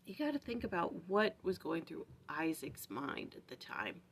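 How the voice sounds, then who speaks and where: A woman's voice: lowish voice, wildly swooping pitch, moderate pace, slight background noise. Woman musing aloud over scripture at home. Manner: thinking aloud, chatty, lots of "like" and "right?". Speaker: vlog host. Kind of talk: casual morning scripture study.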